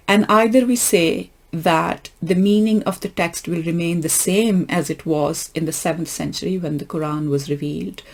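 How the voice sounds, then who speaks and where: Low-voiced woman lecturing earnestly. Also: darkish tone. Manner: earnest, emphatic, lingers on key points. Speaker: lecturer on Islamic thought. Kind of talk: explanatory lecture.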